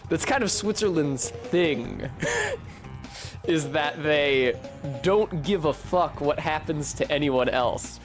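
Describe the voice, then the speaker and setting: A man's voice: fairly high pitch, takes it slowly. Sardonic rambling young man streaming. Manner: rambling, sardonic, swears freely. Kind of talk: casual chat while playing a video game. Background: faint game music.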